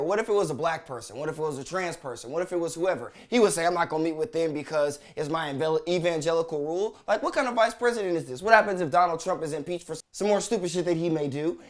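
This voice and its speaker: A man delivering blunt, sarcastic commentary as a vlogger, swearing heavily as he rants. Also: high-pitched. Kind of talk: profane ranting commentary.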